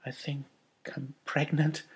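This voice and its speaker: A man voicing a gentle, frightened young wife in a read-aloud story, with soft, pleading lines. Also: a little high, level tone, takes it slowly, breathy edge, voice pushed up, exaggerated voice. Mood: hopeful.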